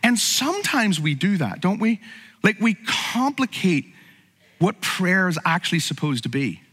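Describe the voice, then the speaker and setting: A man's voice: high voice, big pitch swings, measured pace, sharp tone, husky, long reverb tail. A man preaching a sermon as pastor, conversational and humorous, with frequent asides to the congregation.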